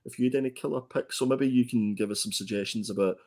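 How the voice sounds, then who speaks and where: A man's voice: mid-range voice, fast talker, darkish tone. A man co-hosting a casual comics podcast over a video call, hesitant and often repeating words. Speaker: podcast co-host. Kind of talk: casual chat.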